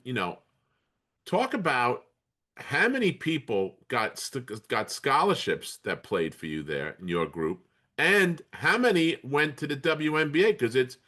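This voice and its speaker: Lively bright-voiced podcast host man. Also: mid-range voice. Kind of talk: casual podcast conversation.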